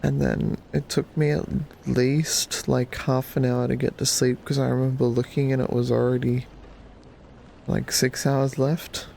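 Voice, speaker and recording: A male livestreamer just woken up, with a groggy morning voice and a blocked nose, drawling casually to his chat and breaking into giggles and squeaky cheers. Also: flat delivery, unhurried, dark tone, slight background noise. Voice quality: gravelly.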